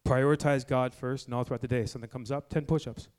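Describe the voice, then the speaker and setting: A man in his forties preaching a blunt, fiery sermon to a men's group indoors, moving between low, quiet stretches and loud exhortation. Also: fairly even intonation, quick pace, smooth. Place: indoor room with a gathered group.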